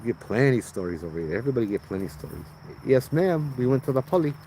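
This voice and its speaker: A man's voice: medium pitch, very animated, fast, dark tone, a little hiss or hum, poor audio. A man with a Hawaiian Pidgin accent, from Hawaii, telling ghost stories in a loose, laughing, slangy way outdoors at night by a road. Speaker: ghost story host. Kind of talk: casual storytelling livestream.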